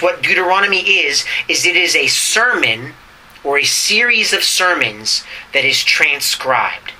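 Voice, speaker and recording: A male pastor preaching a teaching sermon, often checking in with the congregation and reading scripture slowly and deliberately. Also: on the high side, pushed and bright, low-quality recording.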